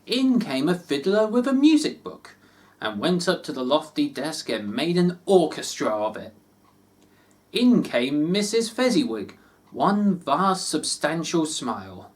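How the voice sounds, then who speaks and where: A man reading a classic story aloud, expressive and unhurried. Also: on the high side. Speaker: reader.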